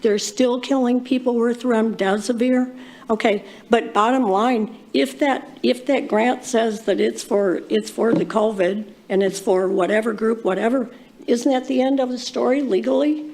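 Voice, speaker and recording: Woman, fairly high voice, impassioned and accusatory, rambling at a council podium. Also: normal speed, a little mellow. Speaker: public commenter. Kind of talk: public comment at a council meeting.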